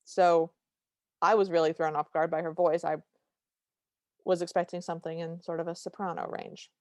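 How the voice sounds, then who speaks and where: A woman hosting a podcast, chatting in an animated way and often correcting herself mid-sentence. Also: fairly low pitch, moderate pace, no echo. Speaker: podcast host. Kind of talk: casual podcast chat.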